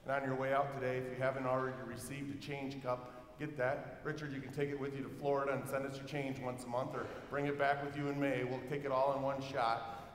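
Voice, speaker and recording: A man's voice: mid-range voice, flat delivery, fast. A man reading church announcements in a casual, joking way, with fillers. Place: large church sanctuary. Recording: echoey church hall, faint noise.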